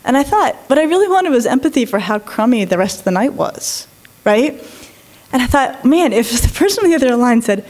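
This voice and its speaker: A woman in her forties with a slightly high voice tells a story to a live audience. She is animated and chatty, dropping into quick impressions of the people in her story and breaking off for asides. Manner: animated, acts out quoted voices, many asides. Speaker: child psychologist and speaker.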